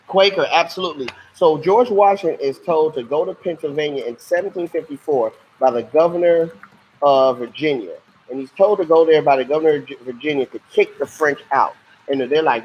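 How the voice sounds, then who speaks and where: A man's voice: a little high, fairly quick. A man with a slightly raised voice teaches history on a casual livestream, full of slang and questions for his viewers. The audio is dull and lo-fi, with a faint hiss behind it. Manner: lively, slangy, asks questions to the class.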